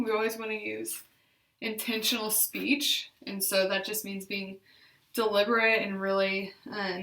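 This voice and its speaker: A young woman, a speech therapist, leading voice exercises with slow, clear, encouraging instructions and frequent fillers. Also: mid-range voice, sharp tone. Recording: echoey room.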